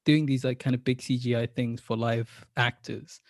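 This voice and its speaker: A man's voice: mid-range voice, fairly even intonation, normal speed, dry recording. Man, eager talker, filler-heavy, dry close mic. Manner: enthusiastic, lots of "like" fillers. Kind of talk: casual podcast chat.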